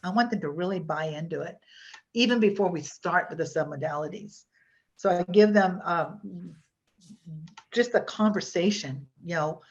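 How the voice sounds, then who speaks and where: A woman's voice: lowish voice, normal speed, muffled recording. A woman hypnotherapist teaching an online workshop in a chatty, rambling way, often restarting her sentences.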